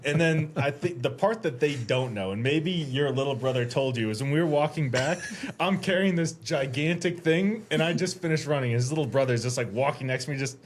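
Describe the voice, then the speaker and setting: A man telling a story on a casual podcast as a guest, animated and profane, acting out what everyone said. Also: fairly high pitch, fairly quick, a little hiss or hum. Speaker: podcast guest, Army veteran.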